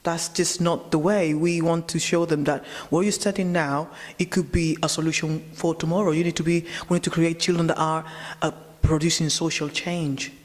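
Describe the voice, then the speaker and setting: A woman's voice: low-pitched, steady tone, moderate pace, in a large hall. A young woman from Spain, a language teacher answering interview questions earnestly, often repeating words as she searches for them. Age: young adult.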